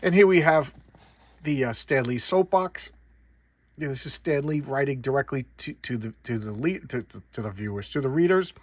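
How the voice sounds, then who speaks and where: Middle-aged man with a slightly higher voice, rambling comic review full of stammered repeats, dry close sound. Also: dry recording. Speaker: comic book collector host.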